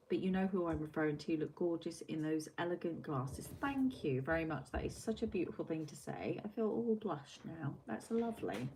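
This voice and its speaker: A woman's voice: fairly low pitch, a little mellow, a little hiss or hum. A woman with a Yorkshire accent chatting casually on a livestream from home, self-mocking and swearing freely. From England. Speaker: livestream host. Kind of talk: casual chat with live chat. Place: home room. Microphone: computer mic.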